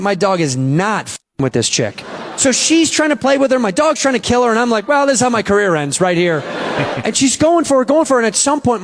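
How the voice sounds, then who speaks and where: A man telling a long stand-up story on stage, acting out the voices of the people in it. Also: high-pitched. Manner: animated, acts out voices in his story. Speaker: stand-up comedian.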